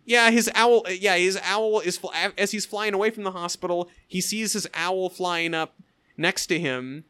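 A man co-hosting a podcast, recapping a film in casual, jokey chat with lively asides. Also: high-pitched, smooth. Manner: animated, jokey, quick asides with laughs. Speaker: podcast co-host reviewing a film.

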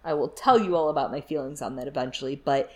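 A woman's voice: rumbling low, a little mellow. A woman co-hosting a podcast, chatting casually and jokingly about a book series. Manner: chatty, jokey, puts on quick voices. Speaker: podcast co-host.

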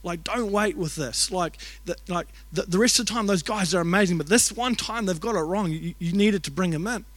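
High-voiced earnest male preacher. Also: brisk, fairly bright tone, dry recording. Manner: conversational, earnest, heavy use of "like". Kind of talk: emotional storytelling sermon. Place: church service.

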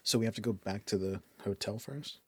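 Chatty low-voiced man playing a tabletop game. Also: brisk, fairly bright tone, husky, dry recording. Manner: chatty, questioning, jokey. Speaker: player. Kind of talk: casual tabletop game chat.

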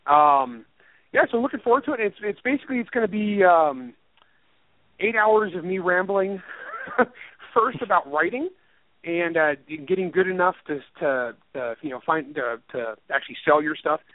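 A man's voice: high voice, expressive, moderate pace, no echo. A man, an author and writing teacher, chatting casually in an interview, rambling and self-deprecating and laughing often. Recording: tinny phone line, dry.

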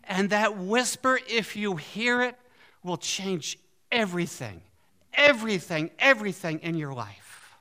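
Male preacher, fairly high, bright tense tone, animated delivery with rhetorical questions. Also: unhurried. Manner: animated, asks the audience questions. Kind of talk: sermon.

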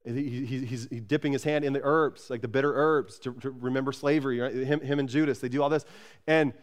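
A pastor preaching a sermon, energetic and conversational, repeating words and swinging between loud emphasis and soft, tender passages. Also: male voice, medium pitch, fairly quick.

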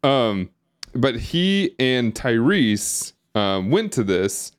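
A man's voice: medium pitch, very animated, extremely slow, smooth. A man co-hosting a podcast in casual chat, rambling and hesitant with lots of fillers and restarts. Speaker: podcast co-host. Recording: live stream podcast recording.

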